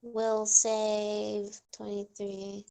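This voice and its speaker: A woman's voice: medium pitch, completely flat delivery, drawn-out words, vocal fry, dark tone. A woman playing a tabletop game, joking with friends and asking about rules. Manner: joking, asks rules questions. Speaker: player. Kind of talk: casual game chat.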